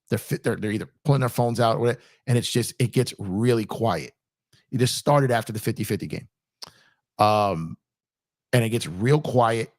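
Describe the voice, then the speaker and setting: Male host, lower voice, strained from screaming, rambling and laughing, dry close sound. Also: no echo. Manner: rambling, laughs often, many restarts. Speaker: YouTube channel host. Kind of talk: casual post-game chat.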